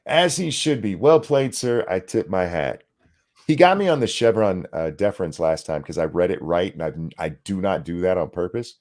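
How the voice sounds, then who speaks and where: Lively low-voiced man reading chat. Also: moderate pace. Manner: animated, swears often, trips over words while reading chat comments aloud. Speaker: co-host. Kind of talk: casual podcast chat.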